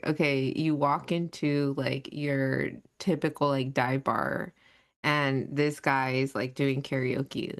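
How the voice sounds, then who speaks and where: Low-pitched woman co-host, animated and chatty. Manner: animated storyteller, says dude a lot, laughs often. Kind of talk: casual podcast chat.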